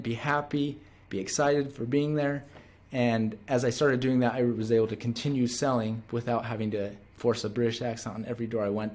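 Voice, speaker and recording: Man, thirties, salesman, casual monologue, earnest, rambling, middle pitch. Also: a little mellow. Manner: earnest, rambling with frequent restarts. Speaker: door-to-door salesman.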